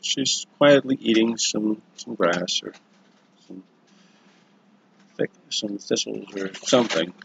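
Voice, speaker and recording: A man's voice: lowish voice, takes it slowly, creaky, long pauses, background noise. A man casually telling an improvised story on a livestream, rambling and self-correcting, with chatty asides to viewers.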